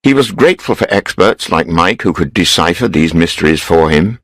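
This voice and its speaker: Low male narrator, steady measured storybook reading, close and dry. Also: no room sound, low-quality recording.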